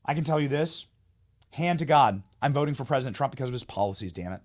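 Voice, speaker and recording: A man's voice: medium pitch, expressive, fast. A man hosting a political commentary show, talking in a heated, mocking, emphatic way. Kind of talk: opinionated commentary monologue.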